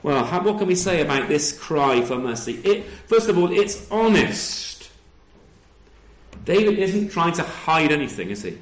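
A man's voice: fairly high pitch, very animated, measured pace. Guy preaching a sermon in a roomy echoey church, lots of "isnt he?" questions, jokes at his own expense. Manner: rhetorical tag questions to the congregation; self-deprecating humor. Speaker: pastor. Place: church service. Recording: roomy echo.

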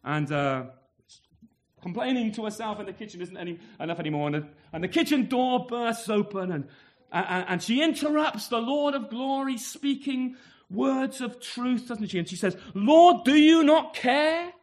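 A man's voice: sits high, expressive, moderate pace. A man preaching a sermon in a conversational way, asking tag questions and acting out the scene. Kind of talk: expository sermon.

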